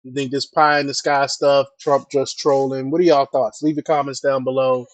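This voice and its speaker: A man's voice: medium pitch, level tone, moderate pace, dry recording. Hesitant man hosting political commentary. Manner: hesitant, many fillers and restarts, chatty asides to viewers. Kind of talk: casual news commentary.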